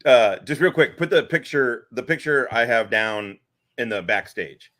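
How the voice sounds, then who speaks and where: A man's voice: mid-range voice, a little slow, fairly bright tone. A man hosting a live stream in casual chat, crude and combative, swearing freely. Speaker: podcast host.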